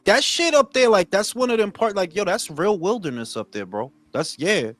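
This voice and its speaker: A man's voice: high voice, lively intonation, normal speed, fairly bright tone, dry recording. An older man hosting a late-night stream, joking crudely and bluntly in casual chat. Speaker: stream host.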